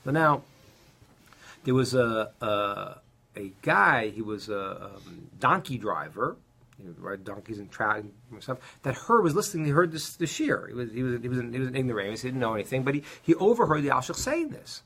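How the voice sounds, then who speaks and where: A middle-aged man teaching a casual Torah class, telling stories with many restarts and animated asides. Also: medium pitch, fairly quick, vocal fry, breathy edge.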